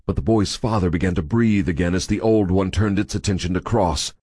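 A man reading a novel aloud in a measured, steady storytelling voice. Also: low voice, slightly rough, no room sound, studio quality. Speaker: audiobook narrator. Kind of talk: scripted narration.

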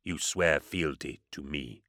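A man's voice: extremely low pitch, sharp tone, no room sound, clean studio sound, voice pushed down, exaggerated voice. A man doing an ancient, grave psyker regent. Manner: slow, grave, intoning. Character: ancient, solemn, powerful male psyker regent. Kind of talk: audiobook character voice.

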